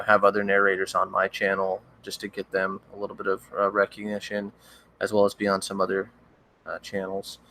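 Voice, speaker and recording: Low, flat-voiced young man chatting. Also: no room sound. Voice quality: voice cracks and needs frequent throat-clearing. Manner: rambling, hesitant, with many restarts and fillers. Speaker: horror story narrator and channel host. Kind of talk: casual livestream chat.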